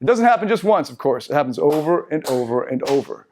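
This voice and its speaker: A man's voice: a little high, very animated, brisk, pauses often, darkish tone. A man teaching a seminar, reading passages aloud and then riffing on them casually with asides. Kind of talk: lecturing from slides to a group. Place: meeting room.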